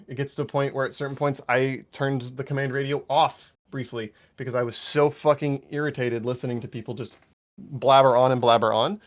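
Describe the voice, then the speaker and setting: A man on unit staff giving a stern after-action debrief over voice chat. He scolds bluntly and swears. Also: mid-range voice.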